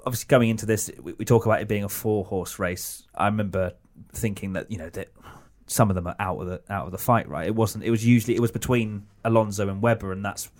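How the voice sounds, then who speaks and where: A man's voice: lowish voice, fairly even intonation, quick pace, few pauses. A man co-hosting a casual podcast, steering the talk and teasing his co-hosts. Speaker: podcast co-host.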